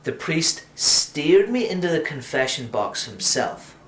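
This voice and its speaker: Lively male storyteller. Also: on the high side, a little slow. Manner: wry, animated first-person telling. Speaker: reader. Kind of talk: storytelling narration. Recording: roomy echo.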